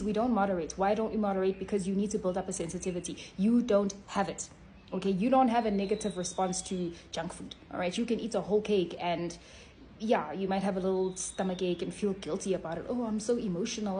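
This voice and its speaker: In a casual direct-to-camera vlog, this health vlogger uses a medium-pitched, warm voice to deliver blunt, scolding points. She repeatedly ends them with "okay?", and a little hiss or hum sits in the background.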